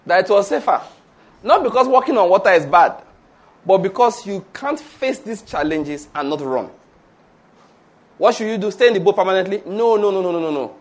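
A man delivers a sermon in a high-pitched voice. He laughs between his points, drifts from slow, weighty lines into quick asides, and has the congregation repeat after him. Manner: animated, laughing asides, call-and-response with congregation. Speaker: pastor.

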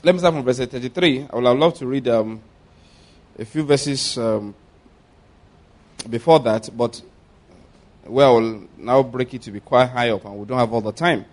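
A man's voice: mid-range voice, moderate pace, pauses often. A male pastor preaching a sermon, repeating his points and asking the congregation to respond.

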